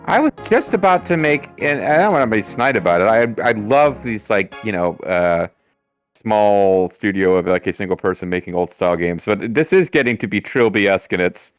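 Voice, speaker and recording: A man's voice: lowish voice, lively intonation, moderate pace, smooth, dry recording, faint music behind. A man co-hosting a let's play, chatting casually with jokes and sarcastic asides. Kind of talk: casual gameplay commentary.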